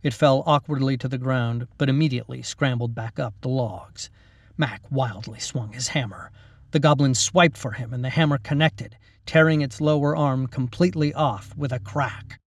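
A man, the author, narrating his own story in a steady, dramatic reading. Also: medium pitch, moderate pace, dry recording, clean studio sound, far from the mic. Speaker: author and reader. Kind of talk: scripted narration.

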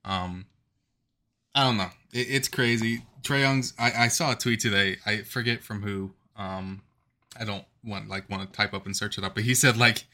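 A man in his twenties co-hosts a podcast, chatting casually about sports in a lowish, bright, forceful voice at a moderate pace. He speaks passionately and emphatically, often rambling.

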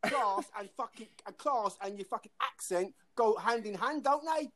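A man's voice: high-pitched, lively intonation, normal speed, fairly bright tone. A man co-hosting a casual podcast, insistent, full of slang and swearing. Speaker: podcast co-host.

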